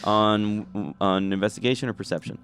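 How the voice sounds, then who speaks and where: A man running a tabletop game as game master, narrating scenes and calling for rolls in an easygoing, relaxed way. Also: fairly low pitch, normal speed, a little hiss or hum.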